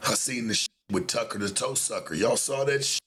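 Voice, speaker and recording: A man ranting on his livestream in confrontational street slang, calling out rivals directly. His voice sits at an ordinary middle pitch, with a faint hum of noise in the background. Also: brisk, pushed and bright. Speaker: livestream host. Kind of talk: livestream rant.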